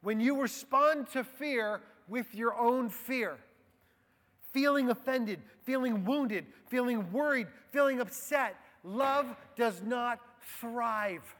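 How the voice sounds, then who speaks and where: Pastor, male, high voice, slow deliberate sermon delivery, long hall reverb. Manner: slow and deliberate, dropping soft on key phrases. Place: church.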